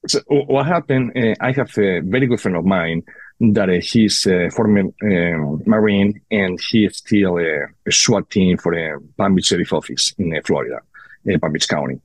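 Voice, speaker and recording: A man with a Spanish accent from Spain, a guest on a podcast, talking casually with halting restarts. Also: sits low, no room sound. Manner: halting, repeats words. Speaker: guest, cigar maker.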